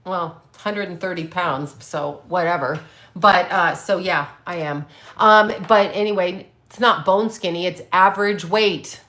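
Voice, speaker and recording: A woman's voice: fairly low pitch, a little slow, fairly bright tone. A woman in her late fifties chatting casually on a livestream, reading viewer comments and answering them bluntly with plenty of swearing. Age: 50s. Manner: blunt, profane, talks back to commenters. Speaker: psychic medium livestream host.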